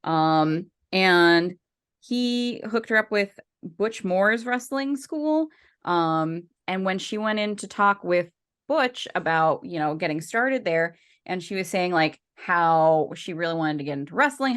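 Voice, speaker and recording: Low-voiced woman chatting casually. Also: lively intonation, unhurried, a bit bright, clean tone. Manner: chatty, rambling with many fillers and restarts. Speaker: podcast co-host. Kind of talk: casual podcast chat.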